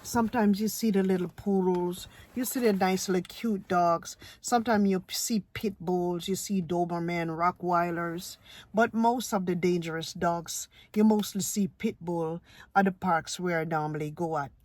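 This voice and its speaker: A woman's voice: lowish voice, moderate pace, darkish tone, no room sound. A woman vlogger from Ohio, giving her opinion in an emphatic, lecturing way that repeats points. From Ohio, USA. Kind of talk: casual opinion vlog.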